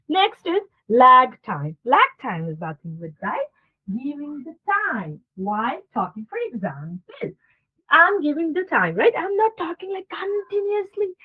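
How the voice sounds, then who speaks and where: A woman's voice: high voice, husky. A woman teaching a communication skills class on a video call, acting out sample dialogues and checking in with her students. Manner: animated, acts out sample dialogues, checks in with "okay" and "guys". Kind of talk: online class lecture. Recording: tinny phone-like online class audio.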